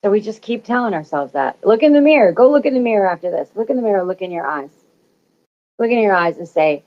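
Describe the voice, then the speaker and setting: A woman gives a motivational spiritual talk in a somewhat high voice. She is emphatic and repetitive, and she swears freely. The audio sounds dull and lo-fi. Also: animated, fairly quick. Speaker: spiritual channel host.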